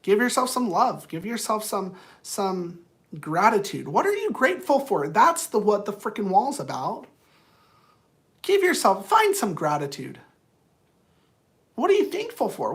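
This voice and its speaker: A man's voice: sits high, very animated, unhurried. A man who counsels people, talking straight to viewers in a casual, rambling motivational monologue, earnest and blunt.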